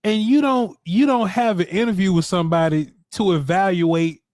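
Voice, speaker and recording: A man's voice: sits high, normal speed, darkish tone, no echo, clean studio sound. A man co-hosting a casual sports talk show, laid-back and slangy, laughing often as he answers the chat. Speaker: sports podcast co-host.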